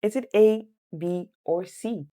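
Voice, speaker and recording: A woman teaching French phrases in an online lesson, repeating each phrase slowly and adding chatty asides. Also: mid-range voice, warm tone.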